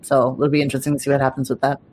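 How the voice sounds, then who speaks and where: A woman's voice: extremely low pitch, level tone, racing, a little mellow, a little hiss or hum. A woman hosting a podcast in casual chat, blunt and swearing freely, with plenty of fillers and restarts. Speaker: podcast host.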